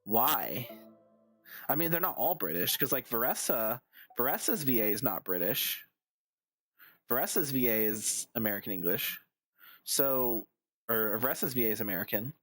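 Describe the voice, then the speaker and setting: A man's voice: medium pitch, lively intonation, normal speed, pauses often, fairly bright tone, breathy edge, no echo, faint music behind. A man streaming a video game, chatting in a rambling, musing way as he plays. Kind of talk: casual gameplay commentary.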